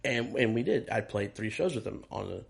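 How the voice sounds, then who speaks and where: A man with a low, gravelly voice tells loose backstage stories as a guest drummer. He talks casually and curses often. He slips into the voices of the people in his stories. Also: moderate pace. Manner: animated, profane, acts out quoted dialogue. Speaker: touring and session drummer, guest. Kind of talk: casual storytelling interview.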